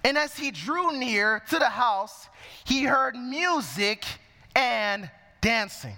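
Man, preacher, sermon, reads scripture verse by verse, bright tone, echoing hall. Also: very high voice, sing-song, slow pace.

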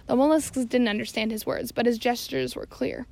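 A woman narrating an audiobook in a steady reading voice. Her pitch sits somewhat high with noticeable vocal fry, and she now and then stumbles and corrects herself. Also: normal speed, few pauses. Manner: steady reading with occasional slips and self-corrections. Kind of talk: scripted narration.

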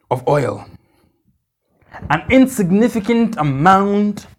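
A man's voice: high-pitched, normal speed, long pauses. A male pastor preaching a conversational sermon at a church conference, repeating phrases and checking in with the congregation.

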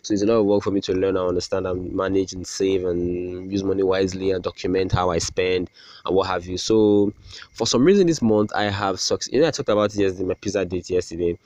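A man's voice: low voice, steady tone, quick pace, darkish tone, no echo. A young man hosting a casual solo podcast, rambling about his day in a sarcastic, self-deprecating way with many restarts. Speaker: podcast host.

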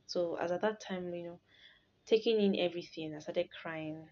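A young woman tells a personal faith story in a casual, animated way. She laughs and restarts often as she talks. The recording is dull and lo-fi. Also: fairly low pitch, moderate pace. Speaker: storyteller sharing a testimony.

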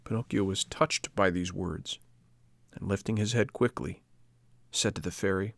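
A man narrating a children's classic in a measured, even storytelling manner. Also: low voice, vocal fry, no echo. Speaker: audiobook narrator. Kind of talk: scripted narration.

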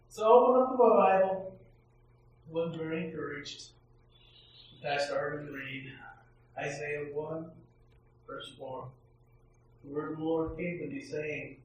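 A man's voice: on the high side, unhurried, pauses often, recorded from a distance, a little hiss or hum. A middle-aged male pastor telling a candid, self-deprecating personal story as a sermon in a church. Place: church sanctuary. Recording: echoey church, heard from afar.

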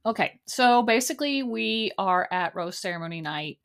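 A woman's voice: medium pitch, animated, normal speed. A woman hosting a solo recap podcast, talking casually and sounding exasperated, with lots of ums and likes. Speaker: podcast host.

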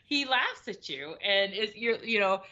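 A woman's voice: mid-range voice, lively intonation, a little slow, bright, forceful tone. A woman, a stand-up comedian, chatting casually in a blunt way and swearing freely. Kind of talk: casual chat. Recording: dull lo-fi recording.

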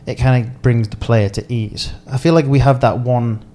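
A man hosting a casual podcast chat, relaxed and asking his guest friendly questions. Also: mid-range voice, moderate pace. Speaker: podcast host, caddy.

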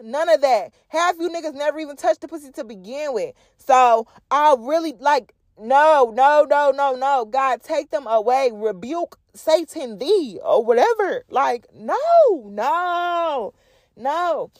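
Blunt, gravelly-voiced woman ranting. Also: high-pitched, lively intonation, normal speed, no room sound, studio quality. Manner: blunt, profane, emphatic with repeated phrases. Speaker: podcast host. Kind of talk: unscripted solo podcast rant.

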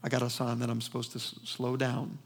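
A man with a Southern US accent preaching a sermon in a church, emphatic and fast-talking, calling out for responses from the congregation. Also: mid-range voice, monotone. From Southern United States. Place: church sanctuary.

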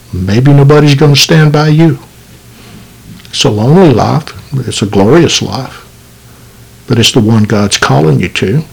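Gravelly-voiced man preaching. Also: mid-range voice, poor audio. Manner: earnest, urgent preaching with rhetorical questions. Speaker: podcast preacher. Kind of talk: sermon.

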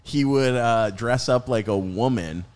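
A man's voice: mid-range voice, a little slow, darkish tone, clean tone. A man co-hosting a podcast in casual, laid-back chat, often saying "dude". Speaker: podcast co-host.

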